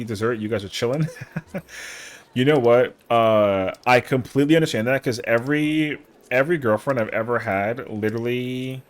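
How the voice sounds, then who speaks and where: A young man streaming an online game, chatting casually and making playful, boastful jokes full of slang. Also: mid-range voice. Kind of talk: casual chat while gaming.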